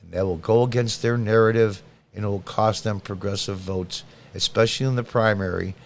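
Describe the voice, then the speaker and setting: A man's voice: fairly low pitch, steady tone, fairly quick, slight background noise. Sarcastic male political commentary host. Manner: sarcastic, combative, blunt. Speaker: podcast host. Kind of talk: political commentary reading news aloud.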